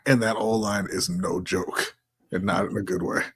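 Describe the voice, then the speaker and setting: Guy with a lowish voice making football picks on a podcast, dry and teasing. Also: steady tone, moderate pace, breathy edge. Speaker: podcast co-host. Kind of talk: casual sports chat.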